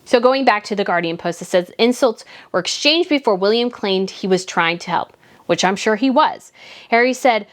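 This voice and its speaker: A woman's voice: a little high, very animated, normal speed. A woman giving casual, opinionated commentary on royal news, full of "I feel like" fillers. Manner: opinionated, acts out mocking quotes in a whiny voice.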